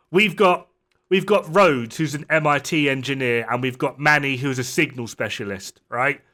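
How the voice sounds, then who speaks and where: A man's voice: on the high side, pushed and bright. A man ranting casually as a streamer, exasperated and sarcastic, swearing freely. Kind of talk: casual gameplay rant.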